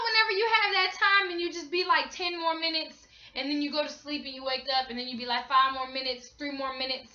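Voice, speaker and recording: A woman's voice: sits high, sharp tone. A young woman from the United States telling a casual storytime on her vlog, chatty and slangy. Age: young adult. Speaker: vlogger. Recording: echoey room, slightly dull sound.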